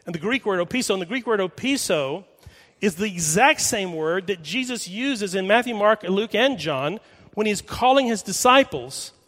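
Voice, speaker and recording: A man's voice: sits high, expressive, moderate pace, a bit bright. A man preaching a sermon as pastor in a church, telling a story with rhetorical questions. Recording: long hall reverb.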